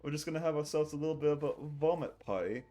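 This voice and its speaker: A man's voice: a little high, fast talker, dark tone, close to an everyday voice. A male streamer putting on a hammy British accent, bantering playfully while streaming a game. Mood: jovial. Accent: put-on British. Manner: hammy, playful, laughs often. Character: exaggerated tipsy British bloke, jolly.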